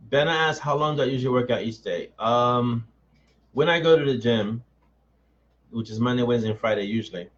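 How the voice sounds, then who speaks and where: Middle-aged guy on a live stream, reading chat and joking around, kinda dull lo-fi audio. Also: mid-range voice. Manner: chatty, answers viewers by name, self-mocking. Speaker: author hosting a live chat.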